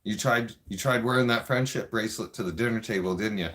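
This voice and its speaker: A man's voice: fairly low pitch, quick pace, a bit bright. Angry, swearing Canadian man ranting. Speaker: vlogger. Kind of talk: political rant vlog.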